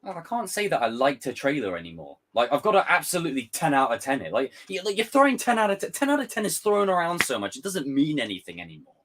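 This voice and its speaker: Animated ranting man. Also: on the high side, fast, few pauses, a little hiss or hum. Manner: animated, ranting, swears freely, mocks with exaggerated voices. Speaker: YouTube host reacting to a trailer. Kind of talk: casual livestream chat.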